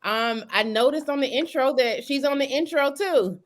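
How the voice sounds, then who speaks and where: A woman co-hosting a casual podcast chat, upbeat and quick to laugh. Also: sits high. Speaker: podcast co-host.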